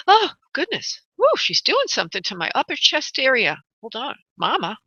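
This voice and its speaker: A woman hosting a radio psychic reading, speaking in a gentle, halting, soothing way. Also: fairly high pitch, dry recording, highs cut off. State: choked up. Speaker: psychic medium radio host.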